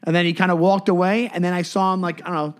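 A high-voiced podcast co-host races through a story in casual chat, acting out the quoted lines with animation. His tone is clean.

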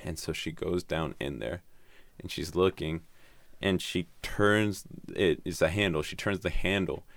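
Man, very low voice, dry close sound, loose profane storyteller. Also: unhurried, no echo. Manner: rambling, profane, heavy use of "like". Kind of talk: casual retelling of a horror story.

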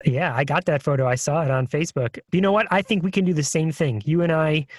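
A man's voice: a little high, quick pace, dry recording. Man co-hosting a podcast, dry close sound. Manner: enthusiastic, nerdy asides. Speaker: podcast co-host. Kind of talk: casual podcast chat.

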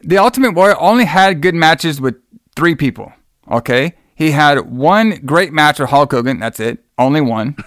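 A man's voice: fairly high pitch, lively intonation, moderate pace, a bit bright, no echo, studio quality. A man hosting a casual podcast chat, enthusiastic, rambling and profane. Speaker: podcast host.

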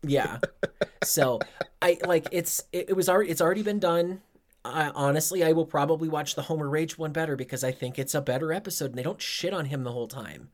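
A man's voice: on the high side, fairly quick. A man co-hosting a casual podcast, laid-back and wry, with casual swearing. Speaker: podcast co-host.

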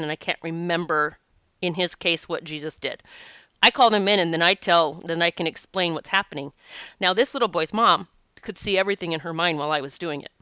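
A woman's voice: on the low side, sharp tone, smooth, dry recording, studio quality. A woman, a spiritual teacher and reader, telling a personal story in an earnest, emotional way, teary and sniffling at times. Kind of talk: casual storytelling monologue.

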